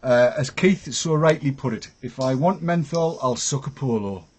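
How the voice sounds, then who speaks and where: A man's voice: medium pitch, moderate pace, a little mellow, slightly rough. A man hosting a casual online chat show, talking in a jokey, self-deprecating way. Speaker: host.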